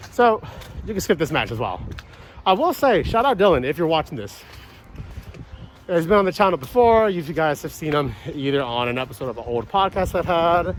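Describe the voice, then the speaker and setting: In poor audio, a man whose voice is on the high side gives a rambling, frank take on a wrestling event. The casual reaction review is peppered with swearing.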